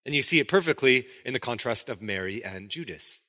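Lively, bright-voiced preacher in a hall. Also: male voice, mid-range voice, a little fast. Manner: conversational, animated, acts out quotes. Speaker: pastor. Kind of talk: sermon.

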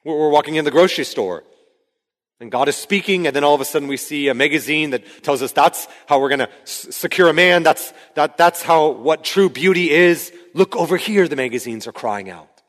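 A man in his thirties preaching a sermon as pastor, conversational and rising to shouts when he acts out a scene. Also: a little high, a little fast. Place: church sanctuary. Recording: hall reverb from a large room.

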